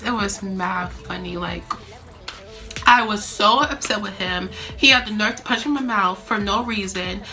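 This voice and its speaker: A young adult woman vlogger telling a story in a chatty, animated way, full of fillers. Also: medium pitch. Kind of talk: casual storytime.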